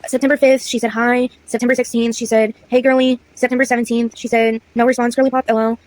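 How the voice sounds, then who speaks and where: A woman's voice: fairly high pitch, level tone, quick pace, a little mellow, no room sound, poor audio. A young woman of about twenty, reading old text messages aloud in a chatty, exasperated story-time vlog. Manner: chatty, exasperated, slangy asides. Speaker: content creator.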